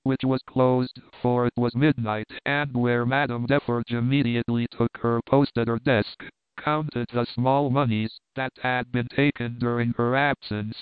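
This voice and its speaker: A man reading a classic novel aloud in a smooth, measured voice. The sound is tinny and narrow like a phone line, with no room echo at all. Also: mid-range voice, level tone. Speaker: audiobook narrator.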